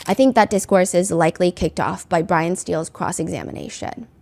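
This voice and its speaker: A woman's voice: on the low side, a little fast, vocal fry, a little mellow. A woman hosting casual commentary, recapping a trial in a chatty way with many filler words and acted-out quotes.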